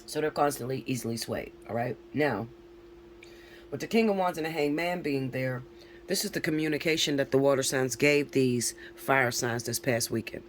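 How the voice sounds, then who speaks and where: A man's voice: mid-range voice, normal speed, slight background noise. A man giving a casual tarot reading to camera, talking bluntly and frankly, often swearing and checking in with his listeners. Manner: chatty, keeps checking in with listeners. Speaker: tarot reader.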